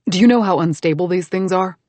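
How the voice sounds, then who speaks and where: A woman narrating an audiobook, voicing a grouchy, growly young man who is protective and gruff. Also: on the low side, fast, a little mellow, no room sound, close to an everyday voice. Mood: scolding. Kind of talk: audiobook character voice.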